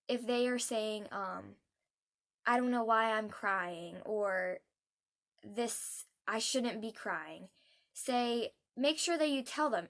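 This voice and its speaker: Earnest young woman, hesitant and soft-spoken. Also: a little high. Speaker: vlogger. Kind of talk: heartfelt advice vlog.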